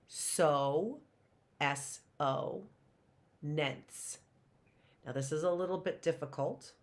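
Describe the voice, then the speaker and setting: Middle-aged woman teacher, unhurried, lowish voice, sounds out words for small kids. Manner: slow, sounding out words syllable by syllable. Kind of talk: phonics lesson for young children.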